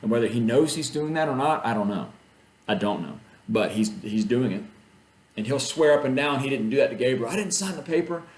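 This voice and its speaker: A man teaching high school literature in a casual video lesson from home, talking through a play in a conversational way and reading lines aloud. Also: expressive, brisk. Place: home living room. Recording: echoey room with faint ambient noise.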